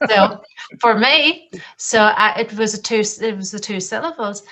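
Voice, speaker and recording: A woman with a non-American English accent shares a classroom story and pauses as she searches for words. She speaks as a teacher in a relaxed group conversation. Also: mid-range voice, poor audio. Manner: hesitant, anecdotal. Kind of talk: casual discussion.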